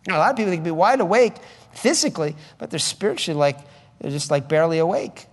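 A man's voice: fairly high pitch, animated, quick pace, long reverb tail. A man preaching a sermon in an emphatic, conversational way, often repeating his phrases for effect.

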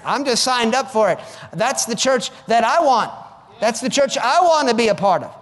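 A fervent male preacher whose high voice swoops up and down as he urges his listeners on. He repeats phrases for emphasis, and each line rings out with a long reverb. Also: animated, moderate pace, fairly bright tone. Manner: fervent, repetitive exhortation. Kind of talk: sermon.

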